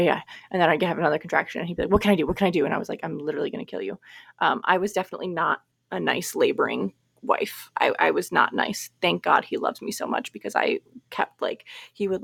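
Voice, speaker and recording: A woman's voice: on the low side, gravelly, breathy edge, dry recording. A young woman hosting a podcast alone at home, telling a personal story in a chatty, candid way with lots of "like" and restarts. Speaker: podcast host. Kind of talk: casual solo podcast storytelling. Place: home, new baby asleep on her chest.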